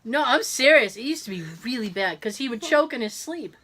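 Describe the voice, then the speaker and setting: A woman's voice: a little high, brisk, slightly rough. A woman co-hosting a podcast, telling stories in casual chat and laughing often. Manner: animated, laughing storyteller. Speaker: podcast co-host.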